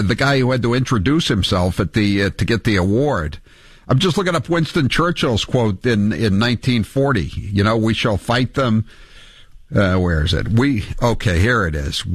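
A man's voice: mid-range voice, no room sound. A male talk radio host, blunt and combative, mocking his opponents while taking calls.

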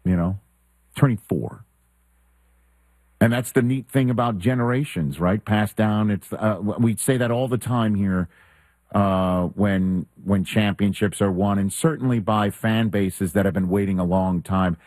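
A man in his fifties hosts a sports talk radio show, his voice fairly low. He speaks into a dry, close mic, chatting with callers and drifting into reflective asides. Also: normal speed, darkish tone, no room sound. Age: 50s.

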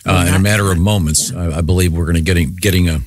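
A man hosting morning radio, hesitant with many fillers and quick to laugh, on a studio mic. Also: low-pitched, fairly even intonation, dry recording. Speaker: radio host. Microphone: studio mic with headphones.

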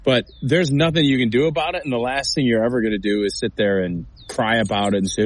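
A man's voice: mid-range voice, fairly even intonation, quick pace, hardly any pauses, rough recording. Emphatic male former lineman turned analyst. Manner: emphatic, storytelling, acts out quotes. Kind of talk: sports talk show.

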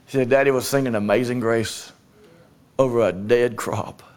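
A man's voice: mid-range voice, fairly even intonation, normal speed, darkish tone. A man preaching a sermon, telling a story and calling for amens from the congregation. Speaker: pastor.

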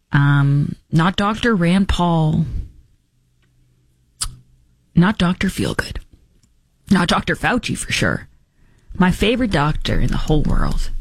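A woman hosting a talk show, giving mocking, sarcastic political commentary with theatrical asides. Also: no echo. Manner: mocking, theatrical, does squeaky impressions.

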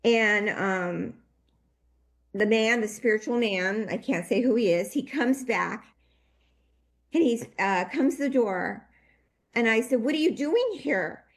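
A woman telling a personal story in an interview, her voice shaky with emotion and her telling halting and full of restarts. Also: medium pitch. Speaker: interview guest.

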